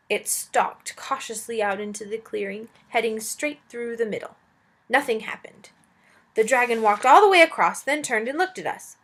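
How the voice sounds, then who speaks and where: Expressive woman reading a children's book. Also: a little high, moderate pace. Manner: expressive, with chatty asides to listeners. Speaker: teacher reading aloud. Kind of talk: reading a children's novel aloud.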